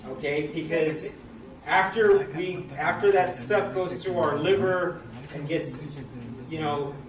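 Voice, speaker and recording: A man giving a chatty product presentation, asking the audience questions, recorded from a distance in a noisy, echoey room. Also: on the high side. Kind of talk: live product talk to an audience.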